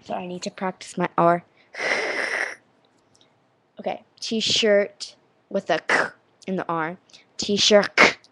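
Teen girl vlogging, slow and rambly, kinda gravelly voice, laughs at herself a lot. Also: fairly low pitch, steady tone, a bit bright. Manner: giggly, rambling, self-deprecating, sounds out words. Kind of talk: casual vlog chat.

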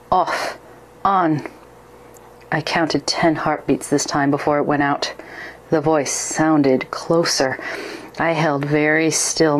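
A woman narrating a ghost story in the first person with a steady storytelling delivery. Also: low-pitched, a little hiss or hum.

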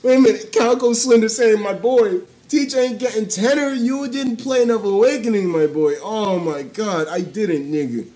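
With faint music behind him, this man streams from home on a desktop microphone, his voice sitting high as he keeps a moderate pace with hardly any pauses. He reacts to donations casually and excitably, swearing and often shouting.

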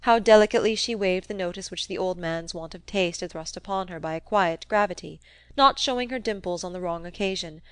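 Female audiobook narrator, measured literary reading, dry booth. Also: fairly low pitch, clean tone, no room sound. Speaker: audiobook reader. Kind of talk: scripted narration.

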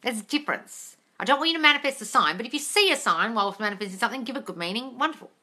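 A woman with a bright, forceful voice pitched a little high, talking to viewers on a phone livestream. She answers questions bluntly and swears freely, and she keeps calling everyone darling in a casual, no-nonsense way. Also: expressive, very fast. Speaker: manifesting coach hosting a live Q&A. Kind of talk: casual livestream chat reading viewer comments.

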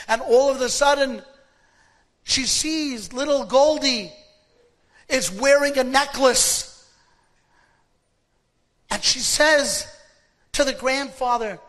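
Slow, high-voiced rabbi telling a story. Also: male voice, a bit bright. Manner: dramatic, emphatic storytelling. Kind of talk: sermon storytelling.

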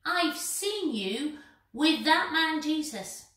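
Woman voicing a shrill insistent young girl. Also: lively intonation, slow pace, pushed and bright, roomy sound, full character voice. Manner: pushy, emphatic.

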